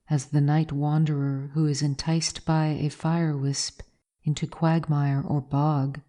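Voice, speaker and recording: A woman narrating a gothic tale in slow, measured storytelling. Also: low voice, dark tone. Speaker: reader.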